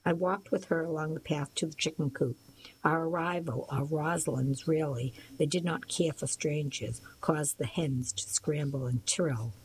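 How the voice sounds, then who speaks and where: Low-voiced woman reading a novel. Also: moderate pace, poor audio. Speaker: audiobook narrator. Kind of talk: first-person audiobook narration.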